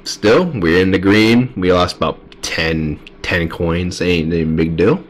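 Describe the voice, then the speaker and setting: A man's voice: sits low, takes it slowly. A man giving laid-back, rambling commentary while playing a game. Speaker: gaming video creator.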